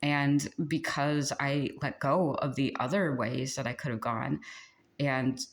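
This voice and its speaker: Rambling tarot-style pep talk, lots of "like" and little laughs, kinda exasperated, middle pitch. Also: steady tone, unhurried. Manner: chatty and rambling, with many fillers and frequent laughs; exasperated and venting. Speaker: spiritual channel host. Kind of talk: casual channeled spiritual pep talk.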